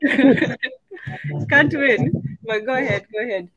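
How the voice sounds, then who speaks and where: A woman from Kenya joining a casual discussion, playful and quick to laugh. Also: sits high, a bit bright, poor audio.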